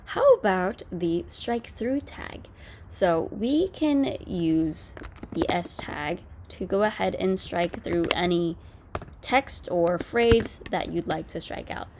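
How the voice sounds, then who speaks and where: A woman's voice: mid-range voice, a little hiss or hum. Casual woman teaching code. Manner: casual, explanatory, with fillers and self-corrections. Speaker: coding tutorial host. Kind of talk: screen-recorded coding lesson.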